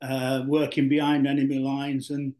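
A man's voice: medium pitch, completely flat delivery, normal speed, warm tone. An older man from Yorkshire, a former footballer, telling stories about his youth in a rambling interview style full of fillers and restarts. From Yorkshire, England. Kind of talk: relaxed storytelling interview.

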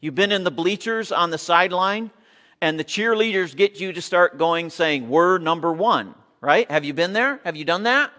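Male pastor, slightly high voice; sermon with call-and-response in an echoey sanctuary. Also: lively intonation, moderate pace, sharp tone. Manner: leads congregation in call-and-response cheers. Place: church sanctuary. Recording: long reverb of a church hall.

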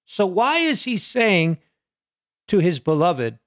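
A man preaching a sermon, swinging between loud peaks and quiet low lines and asking the listeners question after question. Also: sing-song, slow pace, dry recording, studio quality.

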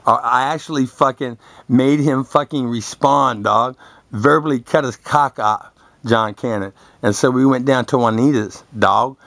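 A man's voice: medium pitch, measured pace, creaky, a bit bright, no room sound. A young man telling crude, boastful stories in a rambling, confrontational rant full of swearing. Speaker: vlogger. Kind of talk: profane rambling monologue to camera.

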